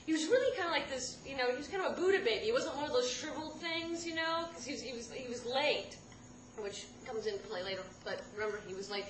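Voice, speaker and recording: A woman telling a personal story live, animated and often laughing mid-sentence as she restarts her words. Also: high voice, fast talker. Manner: animated, self-interrupting, laughing through lines. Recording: echoey room with background noise.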